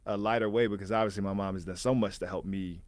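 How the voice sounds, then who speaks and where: A man with a lowish voice tells a story in casual conversation. He is animated and chuckles as he goes. The recording is dry, with no room sound. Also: fast, no room sound.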